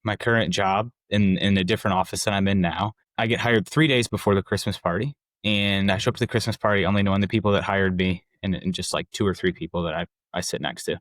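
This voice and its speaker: A man hosting a casual interview podcast, telling stories with lively acted-out dialogue. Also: low voice, fast talker, few pauses, dry recording, clean studio sound. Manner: animated storyteller who acts out quoted dialogue. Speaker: podcast host.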